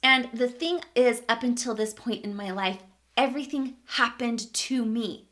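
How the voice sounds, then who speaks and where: A woman's voice: fairly high pitch, measured pace, fairly bright tone. A woman vlogger telling a personal story in a candid, emphatic way, swearing casually.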